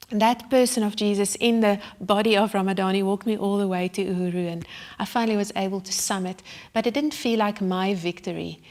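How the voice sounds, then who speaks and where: A woman giving a sermon as a personal story, told vividly and with feeling, sometimes dropping to a hush. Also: mid-range voice, creaky. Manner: vivid, emotional storytelling with sudden hushed asides. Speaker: Christian speaker.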